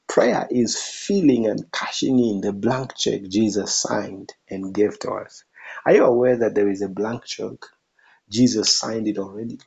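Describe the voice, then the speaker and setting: A man's voice: fairly low pitch, gravelly, darkish tone, husky, lo-fi sound. A man preaching a sermon, emphatic, repeating his phrases for effect.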